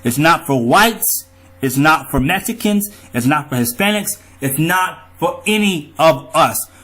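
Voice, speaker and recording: A man's voice: fairly high pitch, expressive, unhurried, a bit bright. A man in an angry monologue to his viewers, riled up, profane and ranting. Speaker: vlogger.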